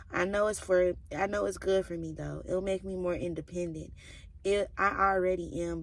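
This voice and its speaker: A young woman, chatting in a casual, confiding way as she reads through her old journals. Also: on the low side. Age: 20s. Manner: emotional, confiding, many "like"s. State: tearful at times. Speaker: vlogger. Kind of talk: casual personal vlog, reading old journals.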